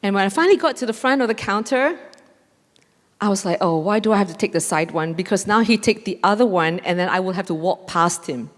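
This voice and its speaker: A woman speaks into a stage mic at a conference, telling an animated story. Her voice sits at an ordinary middle pitch. Long reverb trails each phrase through the large hall. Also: brisk. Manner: animated, acts out dialogue with laughs. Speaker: mindfulness trainer giving a conference talk. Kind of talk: storytelling lecture.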